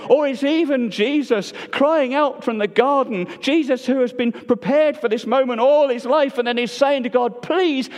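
A man preaching a sermon, moving between emphatic lines and hushed, quiet passages. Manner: swings between loud emphatic and hushed low delivery. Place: church. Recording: long church reverb.

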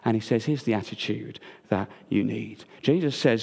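A man preaching a sermon, moving between emphatic lines and hushed, quiet passages. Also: moderate pace, creaky, slightly rough. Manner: swings between loud emphatic and hushed low delivery. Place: church. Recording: long church reverb.

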